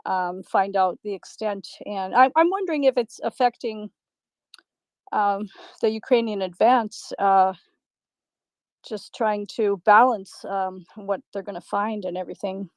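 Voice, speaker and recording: A woman's voice: mid-range voice, measured pace, dry recording. Female caller, live online chat, tentative and hesitant, dry close sound.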